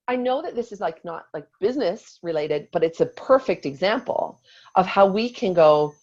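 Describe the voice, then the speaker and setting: A woman in her forties telling a lively personal story in a motivational talk to her team, acting out what she said. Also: medium pitch, moderate pace, lo-fi sound. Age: 40s. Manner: animated storytelling, acts out quotes.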